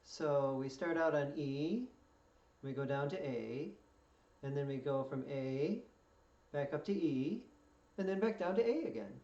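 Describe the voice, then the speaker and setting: A man's voice: fairly high pitch, animated, dark tone. Male fiddle instructor, patient, counts in; distant, roomy, dull recording. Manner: patient, counts in slowly before each play-through. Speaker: fiddle teacher. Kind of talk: step-by-step music lesson. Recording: echoey room, distant mic, dull sound. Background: fiddle playing.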